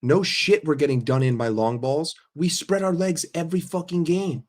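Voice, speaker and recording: A man hosting a laid-back football livestream has a fairly high, slightly mellow voice and a moderate pace. He voices chat comments aloud, then responds with heavily profane, blunt, sarcastic opinions.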